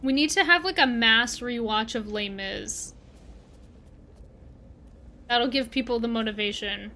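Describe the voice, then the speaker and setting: A woman with a high, lively voice chats her way through a game livestream. Her tone is bright and forward, and she rambles from one thought to the next while answering viewers aloud. The talk stays loose and casual. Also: unhurried, pauses often. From Canada. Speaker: streamer.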